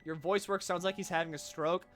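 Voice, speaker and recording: Man, streamer, chatty joking commentary, bright edgy tone, slightly high voice. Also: steady tone, fairly quick, soft background music. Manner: joking, chatty, trying to talk without moving his lips. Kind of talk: casual let's play commentary.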